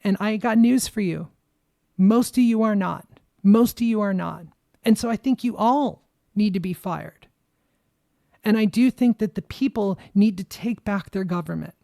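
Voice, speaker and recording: Podcast host, young woman: furious, emphatic monologue with plenty of swearing, trembling with anger; dark, gravelly tone. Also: medium pitch, no echo, studio quality. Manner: angry, emphatic, swears freely. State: shaking with anger. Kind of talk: impassioned political monologue.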